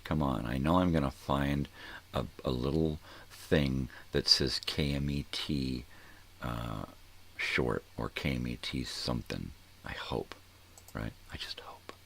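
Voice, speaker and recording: A man's voice: a bass voice, takes it slowly, vocal fry, a bit bright, a little hiss or hum. An older man hosting a casual morning show, rambling and thinking aloud, often trailing off into mumbles. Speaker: host.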